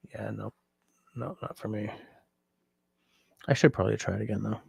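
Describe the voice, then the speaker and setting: A sleepy, yawning man hosting a livestream, chatting casually and reading out viewer comments in a relaxed, rambling way. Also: lowish voice, normal speed, gravelly, pauses often, breathy edge, no echo. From Canada. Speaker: livestream host.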